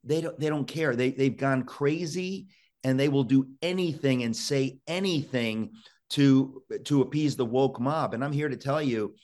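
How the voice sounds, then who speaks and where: A man's voice: medium pitch, a little slow, darkish tone. A male talk show host urgently exhorting his listeners, often restarting words in a rush.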